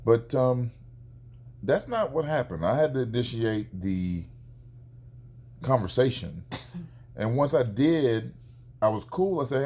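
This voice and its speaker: A man, a father, telling a neighbor story in a casual vlog, animated and acting out the quoted exchanges. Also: mid-range voice, unhurried, long pauses.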